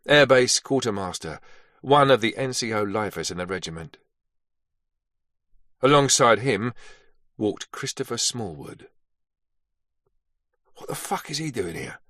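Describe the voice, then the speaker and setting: A man narrating an action thriller audiobook in a measured, steady read. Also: medium pitch, no room sound, clean studio sound. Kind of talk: scripted narration.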